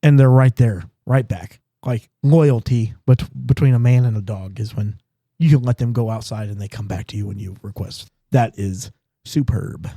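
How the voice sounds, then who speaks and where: A man's voice: mid-range voice, moderate pace, mellow, dry recording. A man hosting a podcast, chatting casually and joking with friends, laughing often. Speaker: podcast host. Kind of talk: casual chat.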